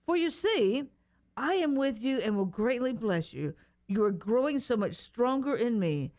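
A woman co-hosting a Christian radio show, bubbly and excitable, reading a prophetic word aloud. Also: a little high, a little slow. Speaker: radio co-host. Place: radio studio.

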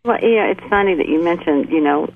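A woman's voice: on the low side, fairly quick, slight background noise. A middle-aged woman co-hosting a Christian talk show, speaking earnestly and building her points with repeated phrases. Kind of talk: faith talk, testimony. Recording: tinny phone line.

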